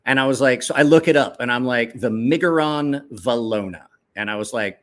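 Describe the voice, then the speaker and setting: Male knife reviewer, mid-range voice, casual and excitable, swears a lot, rambles with restarts. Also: normal speed, few pauses. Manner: excitable, swears freely, jumps up in pitch when quoting himself. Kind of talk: casual show-and-tell chat.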